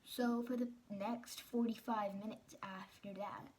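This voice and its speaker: A woman's voice: mid-range voice, fairly even intonation, measured pace, darkish tone. A teenage girl vlogging, telling a personal story in a casual, chatty way, full of "like" and quoting the people in it.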